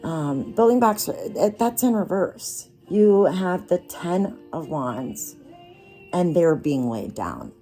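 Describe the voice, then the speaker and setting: A woman lays out tarot cards for her listeners, speaking slowly and reassuringly in a low, mellow voice. Faint music plays quietly behind her. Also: expressive. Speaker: tarot reader. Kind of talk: casual tarot card reading.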